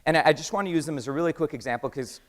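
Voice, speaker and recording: An American man giving an energetic conference talk, quizzing the audience and acting out conversations. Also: a little high, rapid-fire. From United States. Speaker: conference speaker. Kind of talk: keynote talk with acted-out dialogue.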